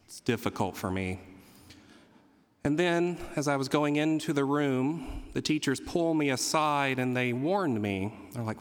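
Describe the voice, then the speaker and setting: A man, a Catholic priest, preaching a Sunday homily with a gently humorous storytelling manner. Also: medium pitch, expressive, unhurried. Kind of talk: sermon. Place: church. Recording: reverberant church hall.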